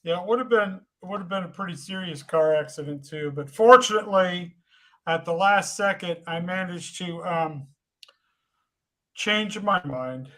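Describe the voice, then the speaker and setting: A man, a guest comedian on a talk show, telling jokes in a deadpan way with pauses. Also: sits high. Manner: deadpan, dry delivery with pauses.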